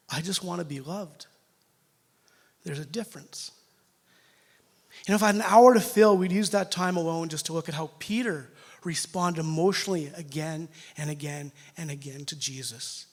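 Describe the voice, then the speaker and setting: A middle-aged man with a Canadian accent preaching a sermon, emotional and self-deprecating, swinging between loud and quiet. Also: high voice. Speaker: pastor.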